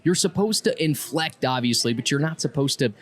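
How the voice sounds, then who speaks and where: A man from Mississippi with a slight Southern drawl, co-hosting a casual podcast from a restaurant and speaking with clear, deliberate inflection. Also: a little high. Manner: animated, opinionated, clearly inflected. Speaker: podcast co-host and broadcast journalist.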